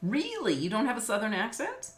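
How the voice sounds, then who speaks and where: A middle-aged business law instructor from Los Angeles, United States, talks casually on a video call, laughing easily amid lots of fillers. Her pitch is fairly high with huge swings, and she speaks a little fast. The room is echoey.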